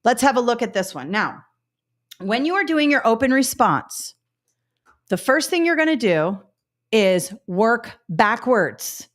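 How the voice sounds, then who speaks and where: A woman's voice: on the high side, very animated, unhurried. A woman teaching a live webinar as a test prep instructor. She talks upbeat and models speech sounds with drilled repetition, checking in with listeners often.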